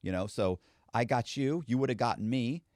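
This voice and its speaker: A man's voice: mid-range voice, normal speed, darkish tone, no echo, studio quality. A man, a former con man, talking candidly in a casual podcast conversation and acting out quoted voices.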